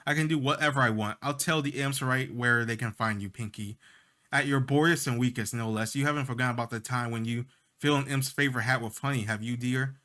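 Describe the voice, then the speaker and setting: A man's voice: mid-range voice, fast, bright, forceful tone, close to an everyday voice. A man reading the lines of a sly, teasing female fairy in a video game. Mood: taunting.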